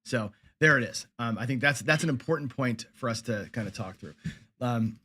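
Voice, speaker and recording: A man's voice: mid-range voice, normal speed, background noise. Casual male livestream gambling teacher. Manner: conversational, many fillers and restarts. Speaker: host of a live gambling lesson show. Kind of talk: casual livestream teaching, reading viewer comments.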